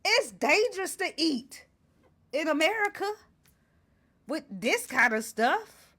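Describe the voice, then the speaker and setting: A woman's voice: high-pitched, big pitch swings, slow, bright, forceful tone. A woman hosting her own talk show, indignantly reading out ingredients and firing off repeated rhetorical questions. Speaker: host. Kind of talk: impassioned to-camera talk.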